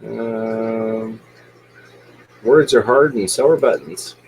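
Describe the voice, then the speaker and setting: Deep-voiced easygoing man. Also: slow pace, a little mellow, slight background noise, poor audio. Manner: self-deprecating, easygoing. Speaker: livestream host. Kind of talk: casual livestream chat.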